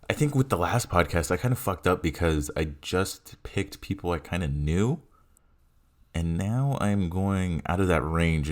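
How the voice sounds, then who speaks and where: A young man in his twenties with a very low voice hosts his own podcast. He talks casually in a rambling, profane, self-deprecating way, recorded on a home mic. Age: 20s. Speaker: podcast host. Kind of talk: casual solo podcast monologue. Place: home room. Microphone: headphones with home mic.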